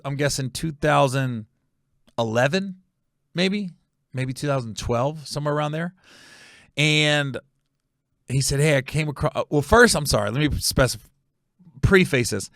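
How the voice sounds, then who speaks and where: A man's voice: mid-range voice, a bit bright, no echo, clean studio sound. A middle-aged man from Ohio telling a casual story as a podcast host, acting out quotes and laughing at his own tale.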